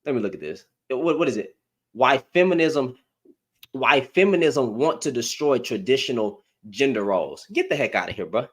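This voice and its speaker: A young commentary vlogger rants into his webcam at home during a reaction video, repeating phrases in incredulous disbelief. His mid-range voice is expressive and slightly rough, at a normal speed.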